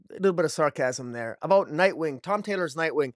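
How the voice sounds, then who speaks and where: Rambling comic reviewer, higher voice. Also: male voice, lively intonation, fairly quick, no echo, clean studio sound. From Canada. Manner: rambling, frequent fillers and restarts. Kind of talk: casual solo review.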